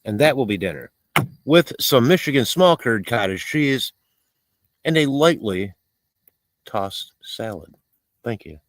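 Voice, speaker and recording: A man's voice: mid-range voice, expressive, measured pace, long pauses, no echo. A middle-aged man chatting casually on a live stream while he cooks, reading viewer comments aloud and laughing often.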